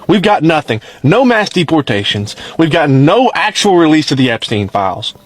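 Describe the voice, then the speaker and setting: A man with a fairly high, swinging voice venting bitterly. He sounds fed up, and his voice comes across close and dry. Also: sing-song, normal speed, no room sound. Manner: exasperated and bitter. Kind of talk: frustrated video rant.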